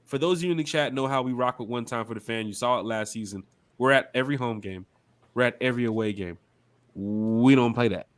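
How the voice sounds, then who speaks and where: A man's voice: medium pitch, a little fast. A man hosting a casual sports podcast, building up hype as he runs through the season schedule. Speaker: podcast host.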